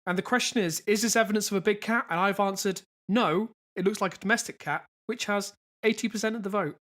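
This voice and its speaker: A man's voice: high voice, fast talker, fairly bright tone. A man co-hosting a casual comedy podcast, dry and sceptical, swearing casually now and then. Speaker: podcast co-host.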